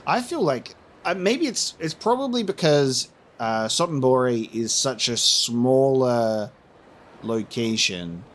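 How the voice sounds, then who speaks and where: A man's voice: medium pitch, fairly bright tone, a little hiss or hum. A man chatting casually and rambling while commenting on a game he is playing. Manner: rambling, chatty, self-correcting. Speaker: let's play host.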